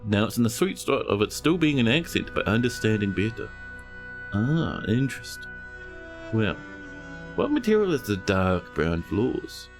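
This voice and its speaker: A man's voice: fairly low pitch, very animated, moderate pace, over music. Playful New Zealand man streaming a game. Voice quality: soothing. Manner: playful, teasing chat with mock-dramatic asides. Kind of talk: casual live-stream commentary.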